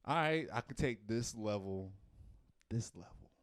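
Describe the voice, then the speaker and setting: A man co-hosting a casual podcast, chiming in with relaxed, agreeing remarks. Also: fairly low pitch, measured pace, dry recording. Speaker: podcast co-host. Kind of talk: casual chat.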